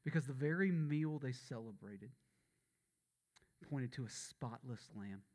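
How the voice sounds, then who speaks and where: A man's voice: animated, a little slow, darkish tone. Impassioned Southern-accented male preacher. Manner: impassioned, building to emphatic peaks then dropping low and solemn. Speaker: pastor. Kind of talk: sermon.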